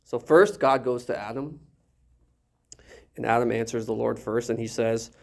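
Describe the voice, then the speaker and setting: A male pastor preaching an animated sermon, full of jokes and rhetorical questions. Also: mid-range voice, normal speed, vocal fry, long pauses.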